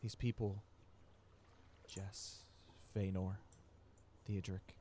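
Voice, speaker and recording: A man doing an earnest young man in a tabletop game, his voice pitched on the low side. He sounds heartfelt and a little apologetic as he pleads with the people he loves. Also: little pitch movement, very slow, mellow, a little hiss or hum. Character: earnest young man returning home to family.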